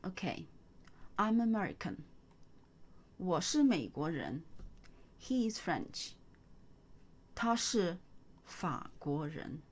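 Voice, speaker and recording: A woman teaching a beginners' lesson, speaking slowly and patiently and repeating each phrase for the learner. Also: on the low side, big pitch swings. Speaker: Chinese tutor. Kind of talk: slow, clear language lesson.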